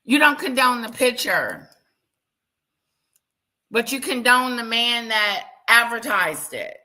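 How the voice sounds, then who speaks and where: Woman live streamer, loud and slow, bright sharp voice, chatting with her viewers by name. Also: mid-range voice, rough recording.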